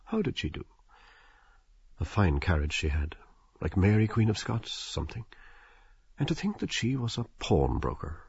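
Deep, husky male audiobook narrator. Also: dry recording, highs cut off. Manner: measured, wry, expressive storytelling. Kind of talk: scripted literary narration.

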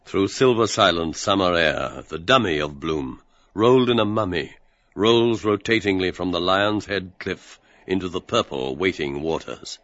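Deep dry male narrator. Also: animated, moderate pace, a bit bright, dry recording, lo-fi sound. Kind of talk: scripted narration of stage directions.

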